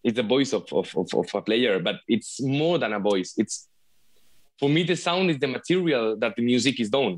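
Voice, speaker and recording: A man with a Spanish accent talks as a guest over a video call, speaking English as a second language. His pitch sits in the middle range, and his speech halts with frequent restarts and repeated words. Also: animated, fast. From Spain. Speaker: flute player guest. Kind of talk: casual video call interview.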